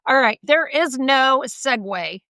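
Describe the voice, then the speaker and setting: A woman co-hosting a casual podcast chat, her voice carrying a gravelly edge. She talks emphatically and breaks into laughter often, and the sound is close and dry with no room around it. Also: sits high, expressive, slow, bright, forceful tone, no echo. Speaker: podcast co-host.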